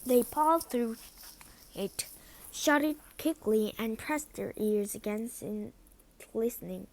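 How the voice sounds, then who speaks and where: Woman reading a storybook slowly. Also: fairly high pitch, a little mellow. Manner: slow, careful, sometimes whispered. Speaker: reader.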